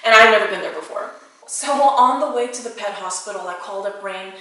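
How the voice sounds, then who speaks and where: A woman's voice: medium pitch, a little fast, pushed and bright. A woman vlogger telling a storytime vlog in a chatty way, full of fillers. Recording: echoey room, distant mic, faint music.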